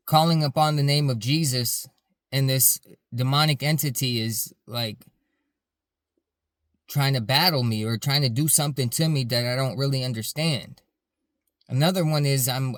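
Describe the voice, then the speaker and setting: Man, mid pitch, earnest rambling storyteller, dry close recording. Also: fairly bright tone, dry recording. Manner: earnest, rambling with many "like" fillers. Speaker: security supervisor telling his dreams. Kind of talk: casual storytelling to camera.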